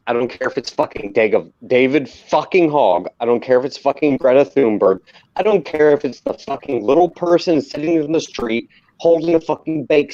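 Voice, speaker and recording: A man's voice: mid-range voice, a little mellow. An American man co-hosting a podcast, delivering an angry, mocking rant full of swearing. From United States. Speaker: podcast co-host. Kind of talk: profane rant. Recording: dull lo-fi sound.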